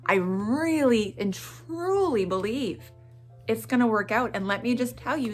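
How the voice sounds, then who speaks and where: Middle-aged woman vlogger, chatty and animated, faint music under her voice. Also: fairly high pitch, measured pace. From Atlantic Canada. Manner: animated and chatty, with frequent laughs and self-talk asides. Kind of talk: chatty morning vlog.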